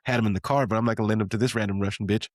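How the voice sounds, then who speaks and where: A man's voice: lowish voice, steady tone, rapid-fire, no echo, clean studio sound. A man co-hosting a podcast, telling joking, profane stories in casual banter.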